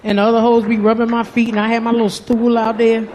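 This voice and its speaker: A male comedian playing a foul-mouthed former streetwalker who now works at a rehab, in a loud, bawdy, drawling stand-up bit recorded live. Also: very high voice, monotone, quick pace. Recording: live club set, loud crowd and noise. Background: audience laughter.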